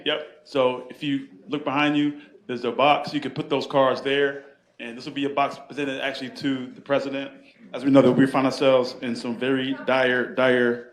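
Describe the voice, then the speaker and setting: A man moderating a live panel event in a bookstore, leading the crowd in call-and-response chants with a rousing cadence. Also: medium pitch. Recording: echoey room.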